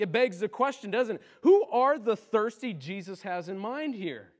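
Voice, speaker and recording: High-voiced impassioned male preacher. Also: sing-song, moderate pace, hardly any pauses. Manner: impassioned preaching, rising to loud cries then dropping low. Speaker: pastor. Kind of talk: sermon. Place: church sanctuary.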